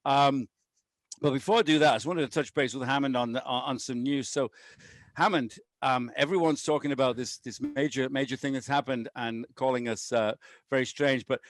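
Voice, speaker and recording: A man's voice: medium pitch, a little fast, no room sound. A man co-hosting a podcast in loose, rambling, self-mocking chat, talking while on painkillers after having his wisdom teeth out. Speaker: podcast co-host, race director.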